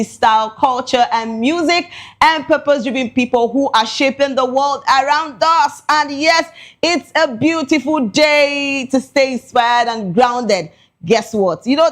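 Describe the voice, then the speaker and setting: A young Nigerian woman hosting a talk show, playful and chatty, laughing often and slipping into Pidgin. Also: on the high side. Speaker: show host.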